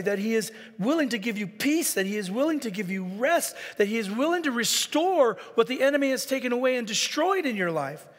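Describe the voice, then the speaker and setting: A man giving a sermon as a guest pastor, preaching earnestly, dropping to a hush and then building up, and repeating words for emphasis. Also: very high voice, big-room sound. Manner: earnest preaching with dramatic soft drops and rising emphasis. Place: church sanctuary.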